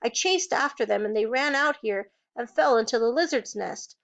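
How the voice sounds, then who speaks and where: A woman's voice: a little high, moderate pace, vocal fry, a bit bright, highs cut off. A woman reading a story, voicing a cold, lying female camp warden who answers defensively. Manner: defensive, dismissive.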